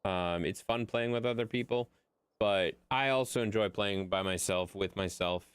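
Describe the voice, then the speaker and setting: Man, game streamer, deep voice, casual rambling, profane, dry close sound. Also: normal speed, clear, resonant tone, no echo. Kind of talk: casual livestream chat.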